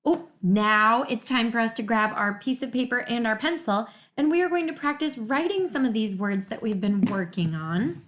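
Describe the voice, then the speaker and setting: A woman, a teacher giving a remote reading lesson to young children from home on a laptop mic, enunciating each word slowly and clearly and sounding encouraging. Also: fairly high pitch, a bit bright. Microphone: laptop computer mic.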